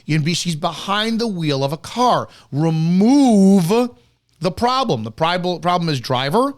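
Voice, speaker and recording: A man with a somewhat high-pitched voice gives heated, profane commentary on police footage. He talks bluntly and cuts in sharply. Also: big pitch swings, unhurried. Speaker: host reviewing police footage.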